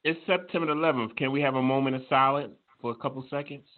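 A man's voice: medium pitch, fast talker. A man hosting a radio show, chiming in with brief upbeat remarks in a casual way. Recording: lo-fi phone line.

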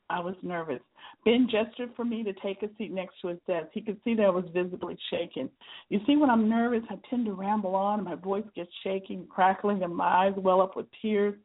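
A woman reads aloud from her own memoir, telling it in an earnest, measured way. Her voice sits in the middle range and has a husky, breathy edge. The recording is thin and tinny, like a phone line. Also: mid-range voice. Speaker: author reading her own book.

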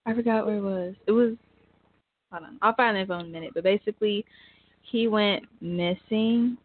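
A woman co-hosting a casual podcast, presenting a topic with many pauses and filler words. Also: medium pitch. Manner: hesitant, lots of filler words. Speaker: co-host. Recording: phone-like thin sound.

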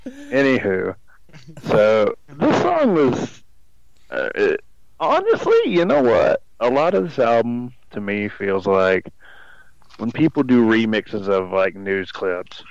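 A man's voice: lowish voice, very animated, slow, creaky, muffled recording. A man co-hosting a casual podcast, giggly and swearing casually. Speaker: podcast co-host.

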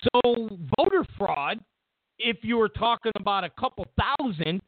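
A man's voice: sits high, a little slow, no room sound. A man hosting a political commentary show, delivering an emphatic, mocking monologue. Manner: emphatic, animated, mocking asides. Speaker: show host. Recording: tinny phone-like audio, dry.

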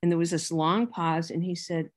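Lively older woman telling a story. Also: lowish voice, moderate pace. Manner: lively raconteur, acts out quotes, laughs often. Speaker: author and writing teacher, guest. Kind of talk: storytelling interview chat.

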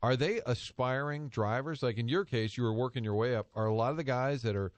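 A man's voice: medium pitch, a little fast, few pauses, no echo. Curious male radio host, dry studio sound. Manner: curious, asks questions, relaxed. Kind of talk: casual radio chat.

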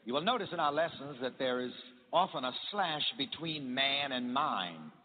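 A man's voice: mid-range voice, lively intonation, normal speed, big-room sound, phone-quality sound, slight background noise. A man preaching a sermon in call-and-response style, having the congregation repeat his lines.

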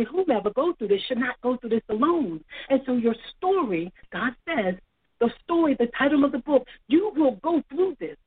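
Husky woman testifying over a phone line. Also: high-pitched, dry recording. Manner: preacherly, repeats phrases for emphasis. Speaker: author guest. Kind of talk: emotional personal testimony. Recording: tinny phone-line sound.

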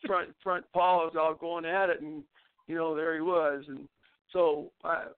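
An older man with a drawl tells long, rambling farm stories and keeps restarting his sentences. His voice sits high for a man. He is heard over a tinny phone line. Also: flat delivery, measured pace, clean tone, no room sound. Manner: rambling folksy storyteller, frequent restarts, laughs at his own tales. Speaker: interview guest, former baseball pitcher. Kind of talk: storytelling in a casual interview.

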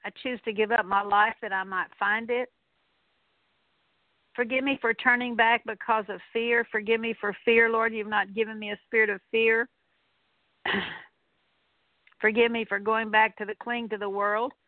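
A woman's voice: fairly high pitch, flat delivery, moderate pace, long pauses, no echo. A woman minister leading a radio deliverance prayer, speaking earnest, repetitive declarations with occasional fillers. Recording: tinny narrow-band radio sound.

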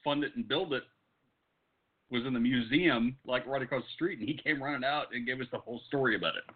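A man from Texas chatting on a podcast, with dry, deadpan dark humor. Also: medium pitch, fast talker, husky. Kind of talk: casual chat. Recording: tinny phone-like audio.

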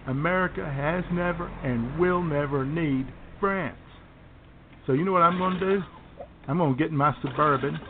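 A man's voice: a little high, moderate pace, a little hiss or hum, close to an everyday voice. A man voicing a blustering right-wing male radio pundit who rants with sneering pomposity, recorded on a tinny phone-like line. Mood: ranting sneer.

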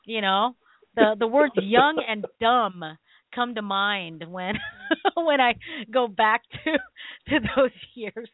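A middle-aged woman hosting a call-in radio show, telling stories in an animated way and laughing often. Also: on the high side, takes it slowly, dry recording. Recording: tinny phone-line sound.

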